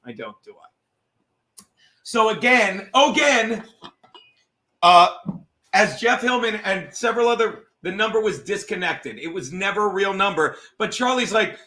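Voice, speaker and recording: Brief: male comedy podcast host, bright high voice, profane and mocking, roomy echo. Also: animated, measured pace. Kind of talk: casual comedic rant.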